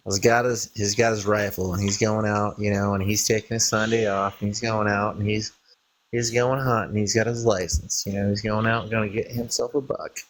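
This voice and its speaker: A man's voice: fairly low pitch, flat delivery, fairly quick. A man calling into a stream who talks in a rambling way, telling a joke and acting out its lines. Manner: rambling storyteller, acts out quoted lines. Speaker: caller. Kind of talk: casual chat, telling a joke.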